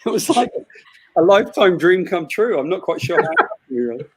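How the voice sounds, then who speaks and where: A British man, a comic book writer, chatting casually on a video call and telling animated anecdotes with a chuckle. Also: high voice, brisk.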